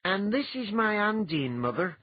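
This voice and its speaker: A man's voice: high-pitched, big pitch swings, normal speed, dry recording, dull audio, pitched above the performer's own voice. A man voicing an eager, loyal young warrior in an audiobook.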